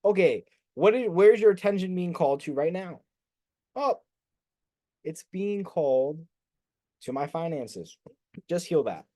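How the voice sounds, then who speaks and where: Male spiritual coach, high and lively voice; loose group-class delivery, drops swear words, keeps checking in with "right?". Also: unhurried, pauses often. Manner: swears casually, acts out students' inner voices; animated, rhetorical "right?" checks.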